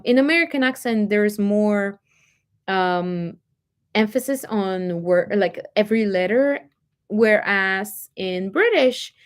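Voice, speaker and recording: A young woman from Poland speaking English with a light Polish accent, chatting casually with viewers and answering their comments, with many fillers. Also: mid-range voice. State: dry throat, coughing. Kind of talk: casual chat.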